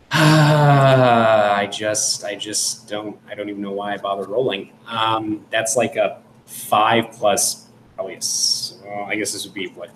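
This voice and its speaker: A man's voice: fairly low pitch, a bit bright. A man playing a tabletop game, describing his turn casually and rambling with many fillers. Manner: rambling with frequent fillers and restarts. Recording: roomy with faint background noise.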